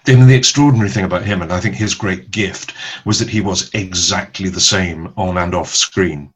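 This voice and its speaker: A man with a low, husky voice recounts stories from his acting career. He hesitates often and fills gaps with ums, but his delivery stays wry. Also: moderate pace, poor audio. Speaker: actor, guest. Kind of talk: anecdotal interview answers.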